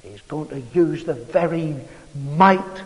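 A man with a high voice preaches a sermon, telling the old story with dramatic, emphatic swings. His words ring out with the long reverb of a large hall. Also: takes it slowly.

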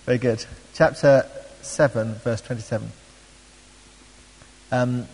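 A man with a slightly husky voice teaches a Bible study in a chatty, animated way, full of ums and playful asides. His voice rings out with a long reverb, as if he is in a large hall. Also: medium pitch, normal speed.

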